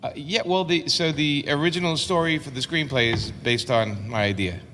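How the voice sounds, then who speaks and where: A man's voice: on the high side, normal speed, pushed and bright. A man chatting and joking as a comics writer on a convention panel, laughing often. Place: large convention hall with audience. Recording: echoey hall with crowd.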